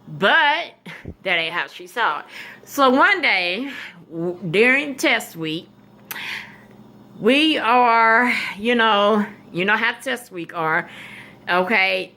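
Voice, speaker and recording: Bright-voiced, animated woman storyteller. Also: medium pitch, slow, pauses often. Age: adult. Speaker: vlogger. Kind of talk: storytime vlog.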